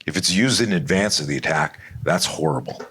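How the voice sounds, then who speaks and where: A middle-aged man from Canada, a self-defense instructor guesting on a podcast, telling a story in an animated, blunt way and swearing freely. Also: very deep voice, a little fast, slight background noise. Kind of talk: storytelling in a conversational interview.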